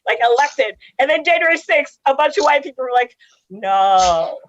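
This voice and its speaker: Woman stand-up comic from Cameroon, high bright voice, sarcastic and rambling; dry, dull lo-fi stream audio. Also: fast talker, no echo. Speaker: stand-up comedian. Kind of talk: stand-up comedy set.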